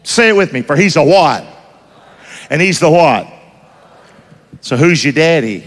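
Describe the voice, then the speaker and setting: A preacher with a fairly high voice swings it up and down as he drives his sermon. He keeps quizzing the congregation for call-and-response, folksy and emphatic. His voice rings out with a long reverb through a large hall. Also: expressive, unhurried, fairly bright tone.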